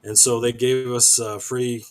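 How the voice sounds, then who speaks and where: A man guest on a live stream, rambling casually with many pauses and restarts. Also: mid-range voice, flat delivery. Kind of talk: casual chat.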